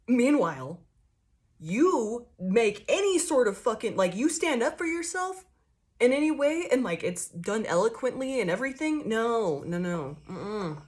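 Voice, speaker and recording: A woman's voice: on the high side, normal speed. Blunt, profane woman ranting through a tarot reading. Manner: blunt, profane, animated ranting with many fillers. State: jittery from coffee. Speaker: tarot reader. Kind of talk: casual collective tarot reading.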